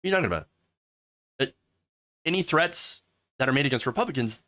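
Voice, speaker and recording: A man's voice: medium pitch, very animated, brisk, long pauses, sharp tone. A man hosting sarcastic political commentary, mocking and mimicking the people he talks about. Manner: mocking, with exaggerated mimicking voices.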